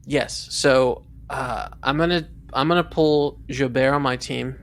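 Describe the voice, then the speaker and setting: A man's voice: medium pitch, steady tone, unhurried, creaky, fairly bright tone. A man chatting playfully as a player in a tabletop game. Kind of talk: casual tabletop game chat.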